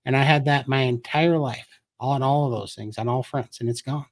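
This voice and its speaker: A man's voice: medium pitch, fairly even intonation, normal speed. A man as a guest on a live-stream chat, talking earnestly and explaining things step by step. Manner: earnest, explanatory, tells his story.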